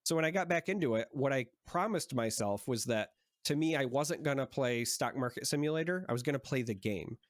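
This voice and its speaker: A man's voice: mid-range voice, no echo, clean studio sound. A man co-hosting a podcast in casual chat, thinking aloud as he talks and often restarting his sentences. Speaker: podcast co-host.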